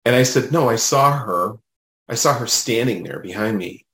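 A man, a medium, telling a personal story in casual conversation, animated and full of fillers, acting out what others said. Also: medium pitch, normal speed, roomy sound, poor audio. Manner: animated, retells dialogue, many fillers. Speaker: medium, podcast guest.

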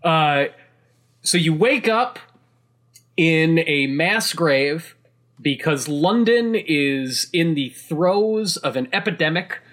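A man chatting casually about a video game, excitable and rambling, with many restarts and laughs mid-sentence. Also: on the high side, slow pace. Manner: casual swearing.

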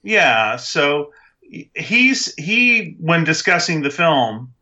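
A man's voice: a little high, very animated, extremely slow, pushed and bright, dull audio. A man co-hosting a podcast, chatting casually about a movie in a rambling, emphatic way full of restarts. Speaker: podcast co-host. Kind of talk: casual movie review chat.

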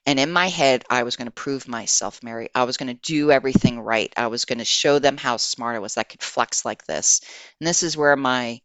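Animated woman telling a career story. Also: rumbling low, a little fast, dry recording. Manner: animated, acts out quoted dialogue. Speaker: guest, HR executive. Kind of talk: conversational storytelling.

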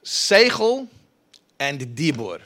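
Man teaching with bright, forceful energy. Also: on the high side, very slow. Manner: animated teaching with rhetorical questions and repeated restarts. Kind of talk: religious study class lecture.

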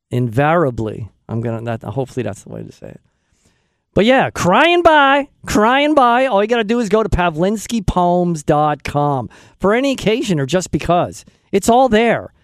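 A man's voice: a little high, no echo, studio quality. A man hosting a talk podcast, rambling in a folksy, casual way. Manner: rambling, folksy, plugs products. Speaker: podcast host. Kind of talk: casual talk show monologue.

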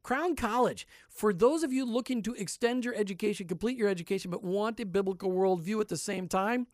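A man's voice: high voice, fairly quick, no room sound. A man co-hosting a faith and business radio show, joking and rambling in casual studio chat. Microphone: studio microphone.

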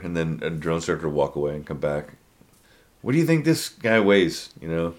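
A man in his forties, a podcast co-host, telling military stories in casual chat, swearing freely and acting out shouted drill instructor lines. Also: sits low, expressive, brisk. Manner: storytelling, acts out drill instructors loudly.

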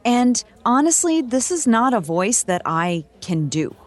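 A woman's voice: a little high, sing-song, a little slow. A woman co-hosting a podcast, telling a story in a chatty, rambling way. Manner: chatty, rambling with restarts and laughs. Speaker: podcast co-host. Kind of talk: casual chat.

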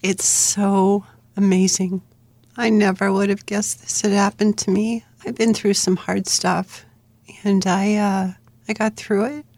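A middle-aged woman tells her own story as a guest in an interview. Her voice has a gravelly, fry-edged texture and stays in a narrow, even band of pitch. She speaks in an earnest, plain way, recorded close and dry. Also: measured pace, no echo. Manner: earnest, plain-spoken, steady narration. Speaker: memoir author guest.

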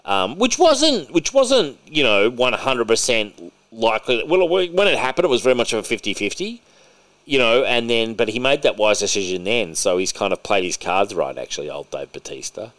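A man hosting a podcast in casual chat, excitable and opinionated, swearing freely. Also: fairly low pitch, normal speed. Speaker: podcast host. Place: podcast recording.

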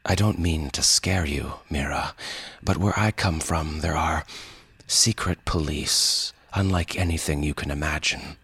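A man voicing a calm, wry man in power armor, speaking in a dry, measured way in an audio fiction reading. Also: very deep voice, husky, dry recording, heavily acted. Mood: earnest.

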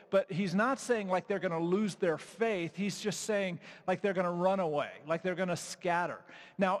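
A man's voice: high-pitched, long reverb tail. A man preaching a sermon, reading scripture aloud and explaining it in a conversational, emphatic way. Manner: conversational, emphatic, with frequent fillers. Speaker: pastor.

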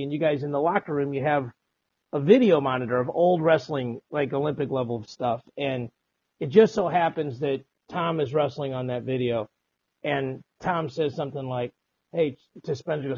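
A male sports reporter telling a quick anecdote in an interview, chatty with some stammering. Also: on the high side, a little mellow, breathy edge, dry recording. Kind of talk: interview storytelling. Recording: dull lo-fi dry recording.

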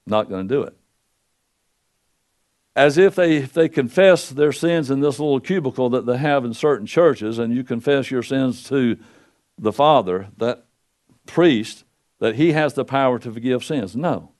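An older pastor preaching a folksy sermon into a pulpit microphone, swinging between loud and soft. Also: male voice, unhurried. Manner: folksy preaching with wide swings in pitch and loudness.

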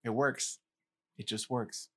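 A man's voice: mid-range voice, steady tone, takes it slowly, fairly bright tone, husky. A man co-hosting a podcast, running a phrase quiz with teasing and frequent laughs. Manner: teasing, laughs often, reads quiz lines aloud. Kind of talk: casual podcast banter.

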